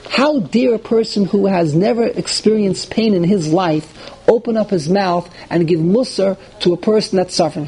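Guy teaching a text, high voice, bit of hiss behind him. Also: low-quality recording. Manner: translates phrase by phrase, animated and indignant at points. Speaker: Torah teacher. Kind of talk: text study class.

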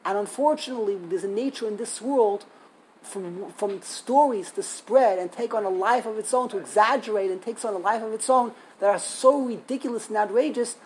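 A woman giving a storytelling Torah lesson, animated, acting out quotes and laughing as she tells it. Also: medium pitch, normal speed, a little hiss or hum, low-quality recording. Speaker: Torah teacher.

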